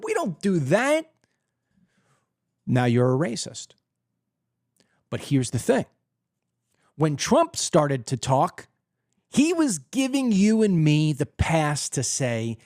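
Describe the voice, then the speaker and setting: Heated guy host doing a monologue at his desk, dry close sound, jumps all over in pitch. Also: huge pitch swings, slow pace, long pauses, a little mellow, no room sound. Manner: emphatic, heated, acts out other people's reactions. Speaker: political commentary host. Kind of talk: opinionated monologue.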